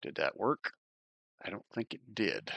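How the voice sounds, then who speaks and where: A man's voice: sits low, big pitch swings, a little slow, gravelly, fairly bright tone, dry recording. A man acting as game master, running an online tabletop game in a chatty, joking way and thinking aloud as he works the map.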